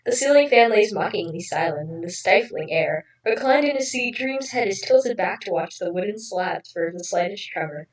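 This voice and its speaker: A woman's voice: mid-range voice, expressive, moderate pace, hardly any pauses, reverberant, recorded from a distance, low-quality recording. A woman casually reading fan fiction aloud with a friend, giggly and stumbling over the words, heard from slightly off the mic.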